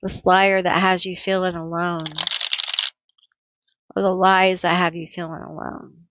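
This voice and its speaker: A woman's voice: lowish voice, level tone, measured pace, dull audio, noisy background. A woman reading tarot cards for her viewers, talking to them directly with empathy. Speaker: tarot reader. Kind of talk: pick-a-card tarot reading.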